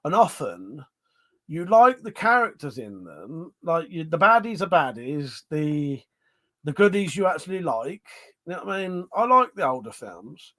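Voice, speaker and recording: Animated man rambling on a livestream. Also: on the high side, a little slow. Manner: rambling and sweary, with many fillers and restarts. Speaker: livestream host. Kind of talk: casual live-stream chat, reading viewer comments aloud.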